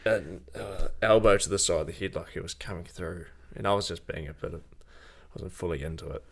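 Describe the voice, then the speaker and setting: A young man, a podcast guest telling stories in a laid-back way, swearing and often trailing off quietly. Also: sits low, brisk, vocal fry, slightly rough. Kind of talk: casual chat.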